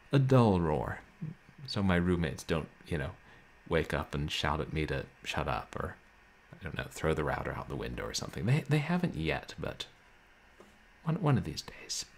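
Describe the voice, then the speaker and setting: A man streaming a game and chatting with viewers in a laid-back, wry way, with a soft, somnolent voice and frequent chuckles. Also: deep voice, sing-song, normal speed. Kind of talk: casual chat with stream viewers. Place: home room, roommates nearby.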